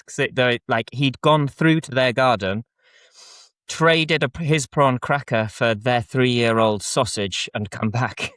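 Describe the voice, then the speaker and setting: A man's voice: mid-range voice, a bit bright, clean tone, no room sound. Man telling a story, dry sound. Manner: anecdotal, laughs while telling. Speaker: podcast co-host. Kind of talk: casual chat.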